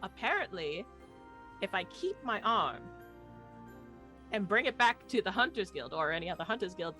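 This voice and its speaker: A woman's voice: mid-range voice, sing-song, normal speed, bright, forceful tone, soft background music. A woman playing a tabletop role-playing game, chatty and casual. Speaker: player.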